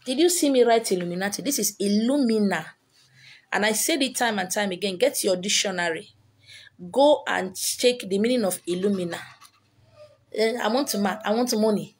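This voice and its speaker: A woman with a Nigerian accent holds forth to her viewers as a spiritual teacher. Her voice is husky and her pitch sits in the middle. She hammers her points home with repetition and pointed rhetorical questions. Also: normal speed. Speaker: spiritual teacher selling handouts. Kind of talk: lecturing monologue to viewers.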